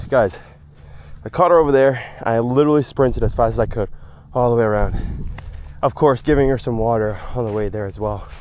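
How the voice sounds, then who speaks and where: A man vlogging outdoors by the water while fishing, talking casually and breaking into excited exclamations. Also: mid-range voice, fairly quick, slight background noise. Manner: excitable, keeps exclaiming, breathless bursts. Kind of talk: casual outdoor vlog commentary.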